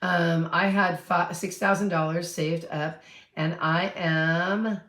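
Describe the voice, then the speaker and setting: A woman's voice: on the low side, fairly even intonation, slow, a bit bright, reverberant. A woman in her fifties, a real estate agent, chatting casually on a livestream, rambling and answering viewer questions.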